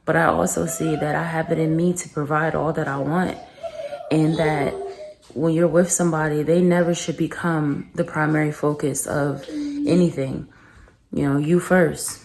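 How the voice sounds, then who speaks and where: A young woman talking earnestly and reflectively in a personal vlog, pausing and restarting as she speaks. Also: low voice, flat delivery, creaky, darkish tone, slight background noise. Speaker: vlogger.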